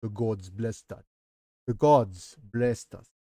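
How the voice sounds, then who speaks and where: A man voicing an old, whiskered male record keeper in a put-on Russian accent over his own Nigerian one, speaking slowly and solemnly. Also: fairly low pitch, warm tone, dry recording, studio quality. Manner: slow, solemn, heavy pronouncements.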